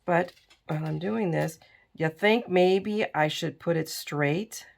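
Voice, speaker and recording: A woman's voice: fairly low pitch, takes it slowly, creaky. A middle-aged woman hosting a crafting video, chatting casually while she works and sounding tired. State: tired and yawning. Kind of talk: casual crafting tutorial chat.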